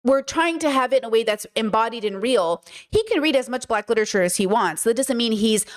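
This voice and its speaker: A woman hosting a livestream, reading chat comments and responding in an emphatic, animated way, full of fillers like "you know what I mean". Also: fairly high pitch, a little fast. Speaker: podcast host.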